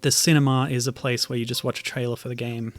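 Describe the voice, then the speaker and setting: Faint music sits behind a man's medium-pitched, flat voice as he streams old web games. His casual commentary is hesitant and halting, with lots of fillers and occasional readings of the game text.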